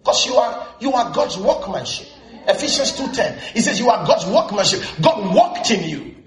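A preacher with a very high voice delivers a lively sermon, his pitch leaping up and down as he keeps asking the congregation whether they are with him. He often rises into shouted emphasis. His voice rings around a roomy church hall. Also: moderate pace. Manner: lively preaching with frequent call-and-response questions to the congregation; frequent bursts of shouted emphasis. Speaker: pastor.

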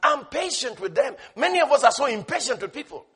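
A man delivers a sermon in a strikingly high, bright voice. A husky grain runs through his speech. He swings from loud shouted refrains to hushed asides, laughing and repeating his key words. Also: sing-song, brisk, few pauses. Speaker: preacher.

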